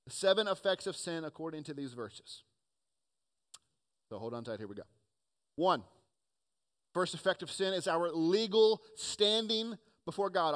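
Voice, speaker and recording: Earnest preaching man, lively delivery. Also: high voice. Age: adult, has children. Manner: earnest preaching, swinging from emphatic to hushed. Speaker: pastor. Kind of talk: sermon.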